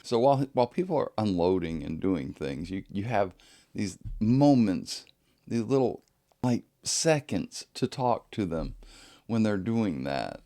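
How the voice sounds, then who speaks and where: A man's voice: lowish voice, big pitch swings, unhurried, dark tone. A man hosting a podcast, telling a casual story in an easygoing way and chuckling often. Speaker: podcast host.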